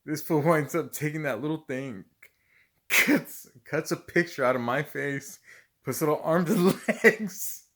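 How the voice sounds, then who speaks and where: A man's voice: fairly high pitch, unhurried. A middle-aged man casually telling work stories, swearing constantly and often breaking into laughter. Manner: profane, laughing often, animated retelling. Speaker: storyteller. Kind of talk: casual storytelling.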